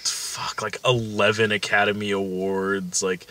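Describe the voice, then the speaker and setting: A man's voice: on the low side, level tone, unhurried, pushed and bright, a little hiss or hum. A man co-hosting a casual film review, rambling with lots of fillers and casual swearing.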